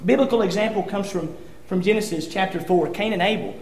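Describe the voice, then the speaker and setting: A man's voice: high voice, a little fast, a little mellow. A man preaching a sermon, earnest and conversational, often restarting his sentences as he reads scripture. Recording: echoey room.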